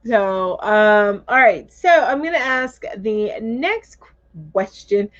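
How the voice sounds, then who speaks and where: A woman's voice: medium pitch, expressive, slow pace. A woman hosting a crochet live chat, reading viewer comments aloud in a chatty, casual way, thinking aloud and laughing easily. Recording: dull lo-fi livestream audio.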